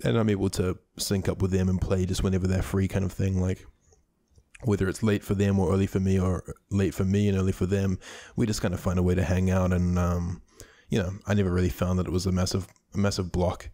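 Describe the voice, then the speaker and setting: Low gravelly man, light New Zealand accent. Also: little pitch movement, a little fast, warm tone. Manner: laid-back, rambling with many fillers. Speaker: YouTuber guest. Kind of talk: casual interview chat.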